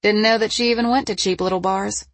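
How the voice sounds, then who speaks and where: A tough young woman who answers back, spirited and defensive, as a woman narrator voices her. The voice is husky with some gravel, and the recording is dry. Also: medium pitch, steady tone, quick pace, no room sound, pitched above the performer's own voice, lightly acted.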